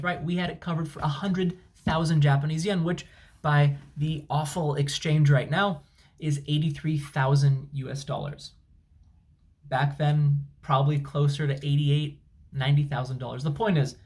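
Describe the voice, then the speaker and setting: A man's voice: fairly high pitch, darkish tone. A man, a travel vlogger, telling an angry, sarcastic, emphatic story at home. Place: at home, indoors. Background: dryer and washing machine running.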